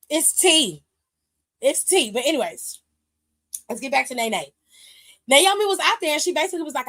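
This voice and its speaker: A woman hosting a wrestling aftershow, recapping with sassy, animated and profane storytelling. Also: high voice, normal speed, long pauses. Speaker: aftershow host. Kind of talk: casual recap chat. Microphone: streaming mic.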